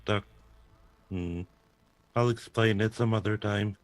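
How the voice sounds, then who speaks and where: A man voicing an earnest android crewman in a tabletop role-play, measured, soft-spoken and literal. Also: on the low side, fairly even intonation. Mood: calm.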